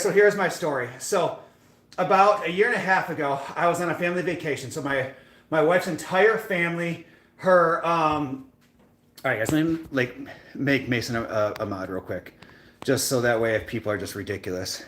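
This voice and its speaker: A man's voice: a little high, moderate pace, fairly bright tone. A young man live-streaming, telling a rambling, self-deprecating story full of fillers. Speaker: fitness streamer. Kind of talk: casual live-stream chat. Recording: echoey room.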